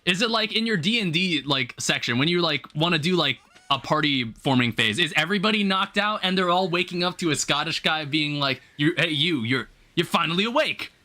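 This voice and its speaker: Bright, lively young man streaming. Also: a little high, brisk, few pauses. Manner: rambling, filler-heavy, thinking aloud, reads chat aloud. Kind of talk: casual live-stream chat while gaming. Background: faint game music.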